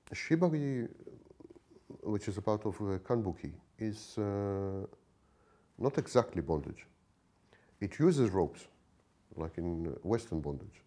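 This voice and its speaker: A man answering an interview question in a lecturing tone, with frequent pauses and restarts. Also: fairly low pitch, dark tone. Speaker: interview guest.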